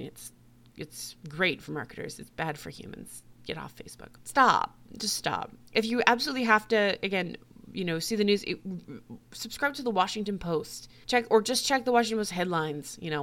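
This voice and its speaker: A woman hosting a podcast, ranting bluntly in a casual monologue, swearing often and laughing between points. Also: on the low side. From United States. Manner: blunt, profane, laughing, animated. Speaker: podcast host.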